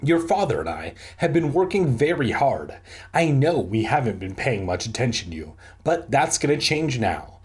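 A man's voice: mid-range voice, sing-song, moderate pace, a little mellow, lightly acted. A man voicing a worried, watchful middle-aged mother in a comedic book reading, asking fussy questions. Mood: earnest.

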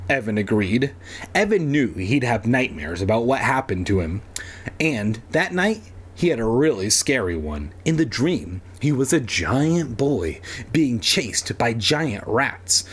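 A man's voice: medium pitch, a little slow, slightly rough. A young man reading a children's horror story aloud as host, breaking off for joking asides. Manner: lively, joking, swears in asides.

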